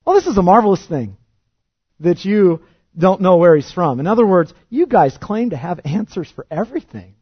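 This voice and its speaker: A man's voice: high voice, lively intonation, moderate pace, husky, no echo, dull audio, voice pushed up. A man voicing a formerly blind man who boldly and mockingly rebukes religious leaders. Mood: defiant. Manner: emphatic, mocking and defiant.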